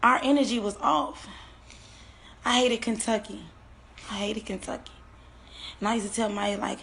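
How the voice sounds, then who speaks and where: High-voiced woman, tearful and halting. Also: fairly even intonation, gravelly, fairly bright tone, slight background noise. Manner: halting, repeats phrases, trailing off. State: tearful, on the verge of crying. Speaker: bereaved mother. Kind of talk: emotional personal testimony.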